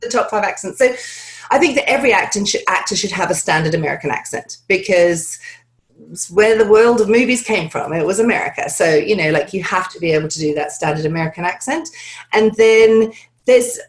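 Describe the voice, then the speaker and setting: A woman's voice: medium pitch, lively intonation, a little fast. A woman working as an accent and dialect coach, answering interview questions in a chatty, rambling way with many fillers, speaking over a video call from home.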